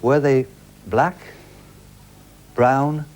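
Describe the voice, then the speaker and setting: A man's voice: medium pitch, steady tone, extremely slow, darkish tone, a little hiss or hum. A man hosting a studio game show with a jokey, teasing patter and a studio audience.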